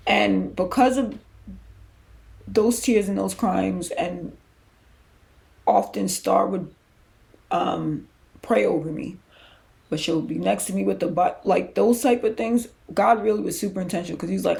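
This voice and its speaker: A woman's voice: medium pitch, fairly even intonation, moderate pace, creaky, pauses often, a little mellow. A woman hosting a podcast, telling her personal faith story in a candid, emotional, conversational way with loose restarts. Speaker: podcast host.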